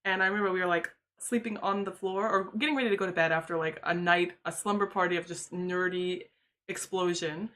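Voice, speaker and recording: A woman's voice: fairly low pitch, steady tone, brisk, fairly bright tone. A young woman livestreaming, talking candidly and casually, laughing often and swearing freely.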